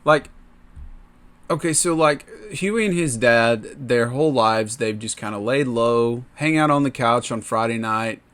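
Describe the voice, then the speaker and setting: A man's voice: medium pitch, unhurried, fairly bright tone. Easygoing man in casual chat. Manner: easygoing, storytelling, frequent "like". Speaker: podcast co-host.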